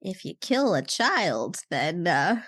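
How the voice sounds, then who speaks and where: A woman chatting through a tabletop role-play game, full of fillers. Her voice sits low, but her pitch moves a lot. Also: very animated, takes it slowly, fairly bright tone, breathy edge. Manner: chatty, lots of likes, laughs easily. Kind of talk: casual play chat.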